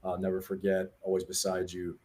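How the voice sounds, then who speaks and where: A man speaking softly and haltingly, with hesitant pauses, in quiet remembrance. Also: low-pitched, monotone, a little hiss or hum.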